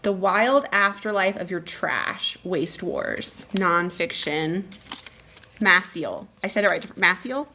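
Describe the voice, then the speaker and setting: A woman librarian chatting casually as she unboxes packages on a live stream, reading notes aloud with excited bursts. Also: lowish voice, slow pace, a little hiss or hum. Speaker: school librarian.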